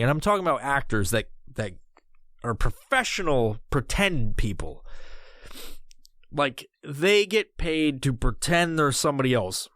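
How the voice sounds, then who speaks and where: A man's voice: on the high side, normal speed, no room sound, studio quality. A man hosting a podcast, ranting casually with lots of swearing and rambling restarts. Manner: profane, rambling, animated. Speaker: podcast host.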